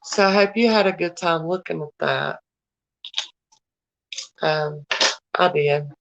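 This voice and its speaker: A woman's voice: deep voice, takes it slowly, dull audio. A middle-aged woman with a Southern US accent, chatting casually with viewers on a live stream in a homey, friendly way. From United States. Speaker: livestream host.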